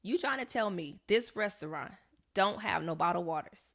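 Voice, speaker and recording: Animated young woman telling a story, gravelly. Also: on the low side, normal speed. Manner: animated storyteller, acts out quoted voices. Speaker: podcast co-host. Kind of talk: casual storytelling chat.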